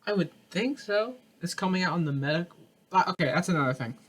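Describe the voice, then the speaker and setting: A man's voice: high-pitched, animated, quick pace, fairly bright tone. A man co-hosting a casual gaming podcast, rambling with lots of fillers and frequent laughter. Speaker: podcast co-host. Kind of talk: casual chat.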